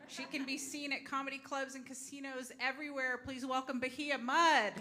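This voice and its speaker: A woman's voice: sits high, little pitch movement, moderate pace, noisy background. A woman emceeing a live comedy show, upbeat as she introduces the next act. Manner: upbeat, playfully stumbles over a place name. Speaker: festival emcee. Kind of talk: introducing acts.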